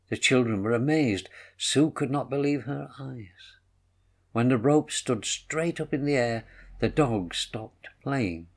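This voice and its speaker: A man reads a children's story aloud in a gentle, measured way. His voice is gravelly with a middle pitch.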